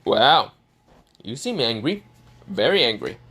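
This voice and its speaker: Man doing a cocky young warrior, flat and cold, a bit lower, fan story. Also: slow, slightly rough, heavily acted. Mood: mocking. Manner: flat, cold, low-key delivery. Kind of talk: fan story reading with voices.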